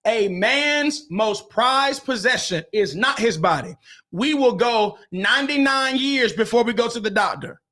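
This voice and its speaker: A man's voice: very high voice, expressive, a little slow, sharp tone. A man, hosting a podcast and giving relationship advice in an emphatic, preacher-like way, repeating phrases and calling out to his listeners.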